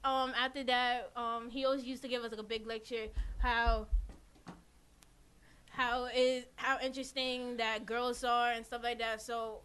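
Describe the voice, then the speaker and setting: A woman's voice: on the high side, little pitch movement, unhurried, a bit bright, clean tone. A teenage girl hosting a school radio show in casual chat, laughing often and trailing off mid-sentence. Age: teens. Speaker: student radio host.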